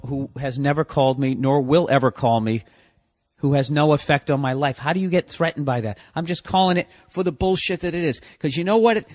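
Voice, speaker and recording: A man's voice: a little high, no echo. Brief: exasperated male podcast host ranting with heavy profanity and sarcasm. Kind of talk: comedic rant.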